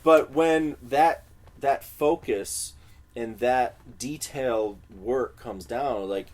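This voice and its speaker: In a recording studio, a music producer from Illinois, USA, speaks slowly in a medium-pitched male voice. As a guest in a casual interview, he tells stories with animation and acts out the quotes in them.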